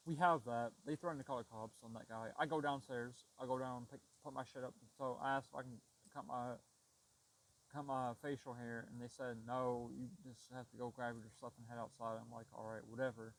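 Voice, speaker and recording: Young male vlogger, profane venting monologue, loose rambling delivery, mid pitch. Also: a little hiss or hum, low-quality recording. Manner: heavy swearing, frustrated, rambling with restarts. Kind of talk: casual storytelling rant.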